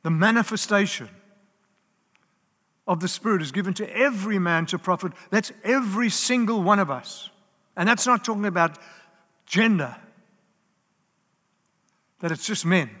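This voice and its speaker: A man's voice: high voice, normal speed, pauses often, sharp tone. A man preaching a sermon in an earnest, emphatic way, stacking up lists and repeating key words. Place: church hall. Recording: live in a large reverberant hall.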